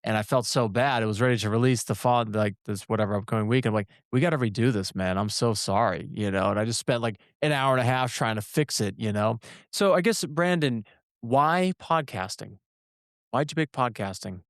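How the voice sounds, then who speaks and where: A laid-back man hosting a podcast, chatting casually and agreeing easily, with some offhand swearing. His voice is at an ordinary pitch and sounds close and dry. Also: a little fast, dry recording. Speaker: podcast host. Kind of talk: casual interview chat.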